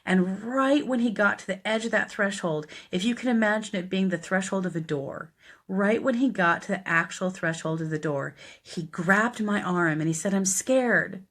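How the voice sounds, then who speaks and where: A woman's voice: mid-range voice, normal speed, a bit bright. A woman, a death doula, earnestly telling a personal story on a live stream, chatty and full of fillers. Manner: earnest, conversational, many fillers.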